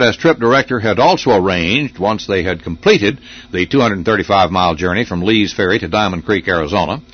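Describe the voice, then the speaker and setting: An older man hosting a local radio program, reading his memories in a wry, unhurried storytelling way. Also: medium pitch. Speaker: radio host. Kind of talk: scripted radio reminiscence. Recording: dull lo-fi radio recording.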